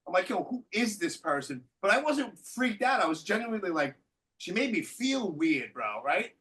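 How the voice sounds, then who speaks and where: This podcast host speaks at a normal speed in a high-pitched voice. Telling stories in relaxed chat, he's animated and swears plenty.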